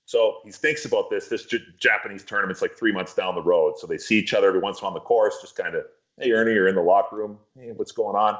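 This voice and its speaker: A man's voice: low-pitched, fairly even intonation, racing, few pauses, a bit bright, highs cut off. A man casually telling a long, profane, rambling story on a podcast.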